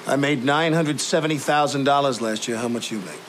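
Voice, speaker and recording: A man's voice: medium pitch, a little fast, a bit bright, a little hiss or hum, natural voice. An actor playing a ruthless, domineering sales boss, berating his salesmen in a harsh, swaggering film scene. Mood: contemptuous. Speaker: film character. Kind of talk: film drama acting.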